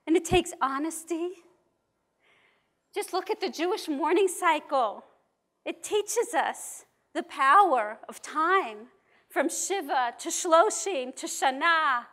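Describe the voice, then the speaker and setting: A woman rabbi from New York speaks in a high voice at a slow, deliberate pace. She delivers a measured, emphatic talk to a conference audience. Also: a bit bright. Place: conference hall.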